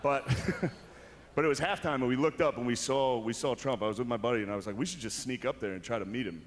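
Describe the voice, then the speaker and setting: A man's voice: mid-range voice, fast talker. A man doing a stand-up monologue as an awards show host, delivering dryly and slipping into exaggerated impressions on a large arena stage. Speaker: comedian hosting an awards show.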